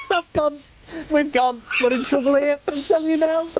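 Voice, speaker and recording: A man's voice: very high voice, highs cut off, noisy background. A man presenting a sports show who keeps dissolving into laughter. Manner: giggly, prone to laughing fits. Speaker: studio presenter.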